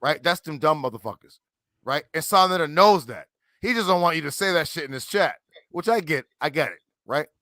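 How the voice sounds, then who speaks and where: A man's voice: a little high, animated, brisk, pushed and bright, no echo, clean studio sound. A man in his forties talking on a livestream panel, emphatic and combative, boasting and swearing as he argues. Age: 40s. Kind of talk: heated livestream chat.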